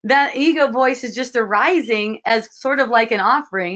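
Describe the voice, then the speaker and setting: A woman hosting an online spiritual dialogue, speaking gently and repetitively, often asking "see?". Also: fairly high pitch, moderate pace, dull audio. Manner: soft, repetitive, frequently asks "see?". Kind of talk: gentle spiritual guidance talk. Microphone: video call.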